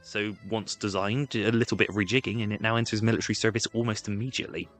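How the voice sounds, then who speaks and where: A man's voice: on the low side, fairly even intonation, quick pace, fairly bright tone, faint music behind. A man giving scripted, comedic history narration with wry, sarcastic asides.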